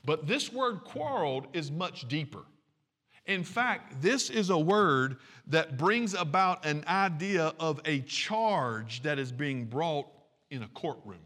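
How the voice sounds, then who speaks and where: Animated preacher in a reverberant hall. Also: male voice, a little high, takes it slowly. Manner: animated, conversational preaching with audience asides. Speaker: pastor. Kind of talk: sermon.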